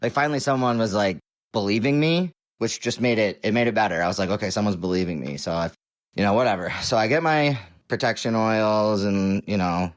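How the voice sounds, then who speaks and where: A man's voice: on the low side, brisk, no echo. A young man telling his own story in a casual, rambling way, full of fillers and the odd curse. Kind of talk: casual spoken personal story.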